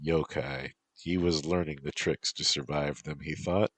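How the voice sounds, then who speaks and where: A man reading a story aloud as narrator in a slow, deadpan way. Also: very deep voice, dry recording.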